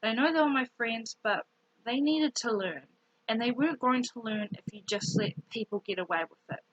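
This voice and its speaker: Breathy young woman telling a story. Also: on the high side, fairly quick, no echo, lo-fi sound. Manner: rambling, animated storytelling with fillers. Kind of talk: casual storytime vlog.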